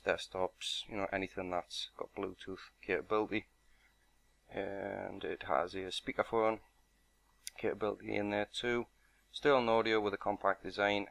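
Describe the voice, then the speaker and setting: A man's voice: low voice, vocal fry, fairly bright tone. A man narrating an unboxing and product walkthrough in a matter-of-fact, explanatory way. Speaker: product reviewer.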